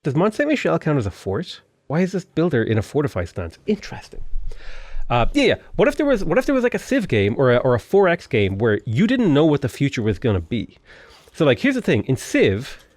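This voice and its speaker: A young Irish man giving playful, excitable commentary over a strategy game, full of jokey asides. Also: fairly high pitch, fairly quick, no echo. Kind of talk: casual gameplay commentary.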